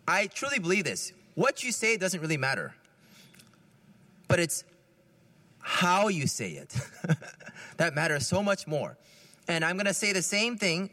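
A male priest giving a homily in a relaxed, conversational way and often laughing. His voice sits high and moves a lot, with a bright, forceful tone. Long reverb fills the church around him.

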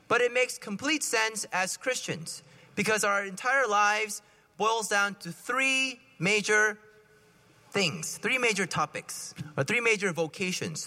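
A man preaching a sermon in a conversational, animated way, acting out little scenes as he talks. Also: high voice. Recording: reverberant hall.

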